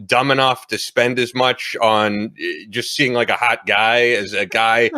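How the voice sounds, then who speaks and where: A man's voice: medium pitch, steady tone, measured pace, bright, forceful tone. Easygoing, laughing male podcast host. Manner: easygoing, laughs often, uses "like" a lot. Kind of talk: casual chat and host-read ad.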